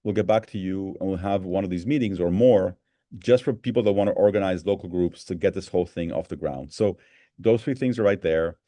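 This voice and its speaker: A man's voice: sits low, brisk. A man hosting an online town hall on a video call, talking loosely with many restarts and fillers. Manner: rambling, warm-hearted, many restarts and fillers. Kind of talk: casual live video-call talk.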